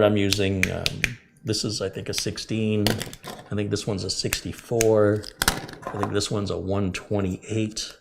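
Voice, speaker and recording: Against a noisy background, a man with a lowish voice hosts a live tech stream. As the channel's host, he chats with viewers, reads their messages, and explains fixes step by step in answer to their questions.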